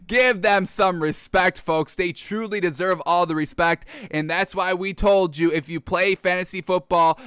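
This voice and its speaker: A man's voice: sits high, a bit bright, smooth, no room sound, clean studio sound. A man hosting a sports talk show. He rants with hyped energy and keeps addressing his audience as folks. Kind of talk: excitable sports commentary. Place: studio with a backdrop.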